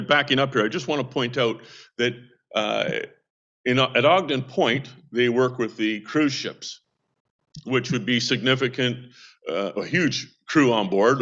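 A man in a casual ministry update, telling stories that wander and restart as he goes. His voice sits at an ordinary middle pitch. The recording is a little dull and lo-fi. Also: moderate pace, fairly bright tone. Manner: rambling anecdotal storytelling with restarts. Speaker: seamen's mission worker.

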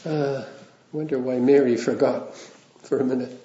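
A man's voice: medium pitch, fairly even intonation, moderate pace, dark tone. A man preaching a sermon in a conversational way, with wry asides and small chuckles. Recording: roomy, dull lo-fi sound.

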